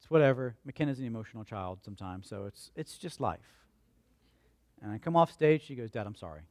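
A male pastor preaching a sermon. He repeats lines for emphasis, asks questions and answers them himself, and moves between loud emphatic peaks and quiet storytelling. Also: medium pitch, lively intonation, brisk, no room sound.

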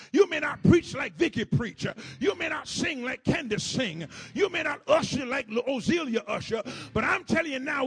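A man preaching a sermon in call-and-response style, swinging from shouted lines to soft asides, with a gravelly voice. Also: very high-pitched. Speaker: pastor.

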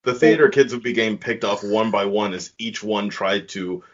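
A man with a husky voice in a casual group chat, joking and spinning silly scenarios. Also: fairly low pitch, moderate pace, muffled recording.

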